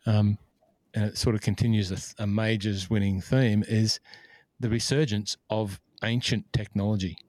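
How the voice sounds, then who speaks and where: A man's voice: lowish voice, fairly even intonation, moderate pace, a little mellow, no echo. A man co-hosting a casual golf podcast over a video call, chatting easily and laughing often, a self-described equipment nerd. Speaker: podcast co-host.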